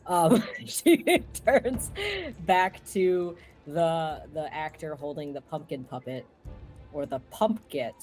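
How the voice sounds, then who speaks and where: A woman's voice: low-pitched, slow pace, a little mellow, faint music behind. Rambling woman player. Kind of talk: tabletop game play.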